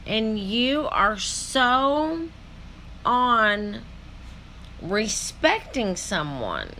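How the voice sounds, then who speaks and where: Woman host, slow rambling reaction commentary, bright tone. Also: a little high, sing-song, slight background noise. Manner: rambling, with many fillers.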